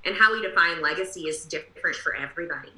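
A woman with a very bright, sharp voice speaks as a podcast guest. She reflects earnestly and repeats phrases for emphasis. Her voice rings in an echoey room. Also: fairly low pitch, quick pace. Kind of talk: reflective conversation.

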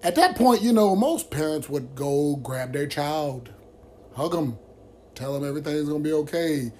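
A man's voice: on the high side, lively intonation, normal speed, darkish tone. A man hosting a vlog who tells a friend's story to the camera in a blunt, heated way, with constant swearing. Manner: blunt, heavily profane and heated.

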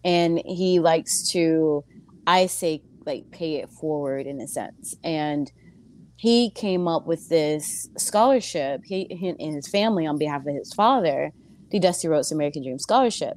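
A woman who wrestles and sings, a guest on an interview show, telling stories casually and acting out other people's voices. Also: a little slow. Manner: animated, acts out voices with big pitch jumps. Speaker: pro wrestler and singer, guest.

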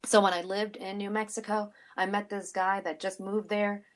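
A woman's voice: mid-range voice, flat delivery, normal speed. A middle-aged woman co-hosting a casual podcast chat, telling stories animatedly with frequent asides. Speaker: podcast co-host.

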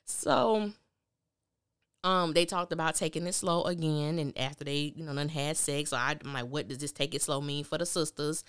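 A woman's voice: deep voice, moderate pace, fairly bright tone, clean tone, no echo, studio quality. A woman hosting a podcast, recapping a TV drama in candid, opinionated casual talk and acting out the characters' lines. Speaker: podcast host reviewing a TV drama.

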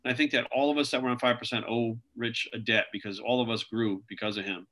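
This interview guest, a video creator, talks fast in a mid-range voice with sharp tone and little pitch movement. He rambles through casual stories, leaning on "like" and "you know."

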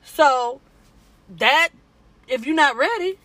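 A playful woman with a high, bright voice talks expressively in a relaxed chat. Her voice is close and dry. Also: slow pace, dry recording. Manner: expressive, playful, laughs often. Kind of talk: casual chat.

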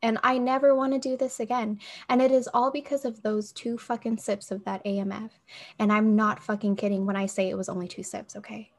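Lively profane woman telling a story. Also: fairly high pitch, fairly quick. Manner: animated, profane, acts out quotes. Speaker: podcast co-host. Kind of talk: casual storytelling chat.

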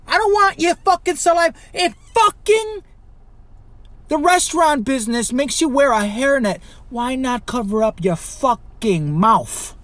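A man from Chicago hosting a podcast, ranting alone with constant swearing, rhetorical questions and sudden loud outbursts. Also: very high-pitched, expressive, normal speed, few pauses, no room sound. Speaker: podcast host. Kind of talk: profane solo rant.

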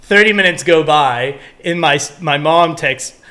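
A man's voice: fairly high pitch, unhurried, sharp tone. A young man from Texas with a Texan accent, co-hosting a podcast and telling rambling stories with laughs. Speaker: podcast co-host. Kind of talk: casual chat.

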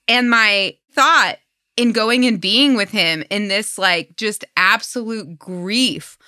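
A woman in her thirties hosting a podcast, chatting casually and telling animated stories. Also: medium pitch, slow pace, dry recording, studio quality. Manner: expressive storyteller, acts out voices. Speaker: podcast host. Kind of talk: casual conversation.

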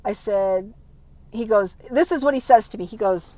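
A woman telling a personal story about caring for her father, speaking emotionally and haltingly with frequent restarts. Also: mid-range voice, mellow, no echo.

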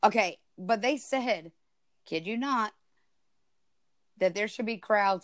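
A woman co-hosting a casual podcast, explaining things in a relaxed, chatty way. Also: mid-range voice, slow, pauses often, no room sound. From United States. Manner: easygoing, explanatory, laughs along. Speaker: podcast co-host. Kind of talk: casual chat.

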